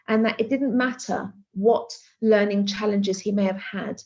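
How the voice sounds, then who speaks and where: A woman's voice: mid-range voice, darkish tone, dull audio. A woman giving a conference keynote as an art teacher, telling a classroom story with many fillers and restarts. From Greece.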